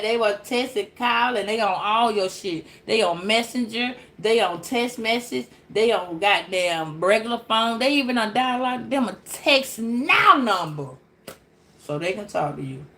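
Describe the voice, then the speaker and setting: A woman giving a casual tarot reading, blunt and profane, animated and laughing often. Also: a little high. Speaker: tarot reader.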